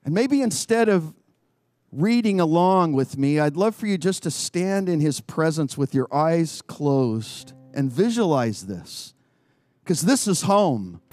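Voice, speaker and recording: A male pastor preaching a sermon in a church courtyard, emphatic and urging, with long pauses. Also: fairly high pitch, sing-song, darkish tone, dry recording, faint music behind.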